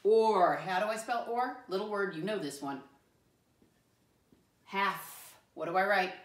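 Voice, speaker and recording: A woman teaching a first grade class, speaking slowly and clearly to young children and spelling words out letter by letter. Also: medium pitch, expressive, fairly bright tone. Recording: roomy sound from a distant mic.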